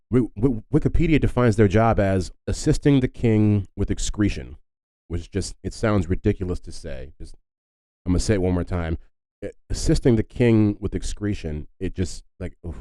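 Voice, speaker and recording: A man's voice: low voice, dark tone, dry recording. A man hosting a casual solo history podcast, chatty and rambling with lots of fillers and asides. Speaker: podcast host.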